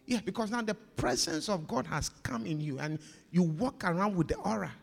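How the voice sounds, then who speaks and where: Animated preacher man in an echoey hall. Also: sits high, normal speed, gravelly. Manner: animated, repeats phrases, swings between loud and hushed. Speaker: pastor. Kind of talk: sermon.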